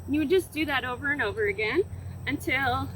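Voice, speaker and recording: A high-pitched woman explains clicker training outdoors, talking casually while she works with a dog on the grass. The recording is noisy, with plenty of outdoor sound behind her voice. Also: a little fast. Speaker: library program host. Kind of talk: casual instructional demo.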